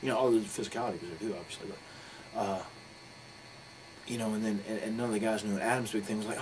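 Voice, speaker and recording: A pro wrestler, appearing as an interview guest, speaks candidly and profanely, drifting from detail to detail as he tells a story. He talks fast in a lowish voice over constant background noise.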